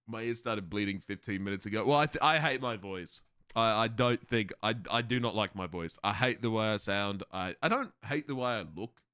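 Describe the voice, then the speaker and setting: A man streaming live, chatting loosely with his viewers and laughing between lines. His voice climbs and drops in a lively way, with a slight lisp and words that slur now and then. The sound is dry and close, with no room echo. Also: on the low side. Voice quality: slight lisp, slurs at times. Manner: animated, profane, laughs often. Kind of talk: casual livestream chat with viewers.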